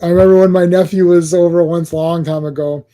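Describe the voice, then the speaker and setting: A man's voice: fairly high pitch, fairly even intonation, fast talker, dark tone. A man hosting a casual wrestling podcast, telling long rambling stories and laughing at himself. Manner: rambling, self-amused storytelling. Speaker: podcast host. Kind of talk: casual chat.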